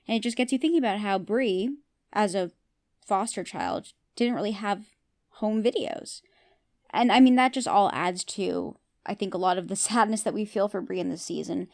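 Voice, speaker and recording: A woman's voice: medium pitch, normal speed, creaky, darkish tone. A woman with a voice of ordinary height hosts a podcast and recaps a TV episode scene by scene. She talks in a casual, chatty way and gives her opinion freely. She often turns to her listeners with questions. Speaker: podcast host.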